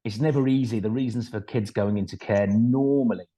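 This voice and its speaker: A man's voice: on the low side, a little fast, dark tone. A middle-aged man, telling a chatty, self-deprecating story about becoming a foster carer and acting out the conversations. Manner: chatty and self-deprecating, acts out dialogue, frequent fillers. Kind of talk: anecdotal storytelling talk.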